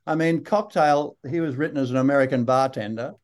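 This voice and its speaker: An older Australian man with a broad accent, a guest actor telling unhurried, rambling stories in an interview. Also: mid-range voice, a little mellow. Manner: unhurried, rambling storyteller with many fillers. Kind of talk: relaxed interview anecdotes.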